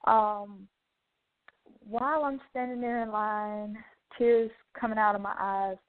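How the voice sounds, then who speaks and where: A woman's voice: medium pitch, steady tone, slow pace, no room sound. Woman telling a testimony on a phone-like line. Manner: emotional, earnest storytelling with many fillers. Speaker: radio show host. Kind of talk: personal testimony to listeners. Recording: dry tinny phone-like line.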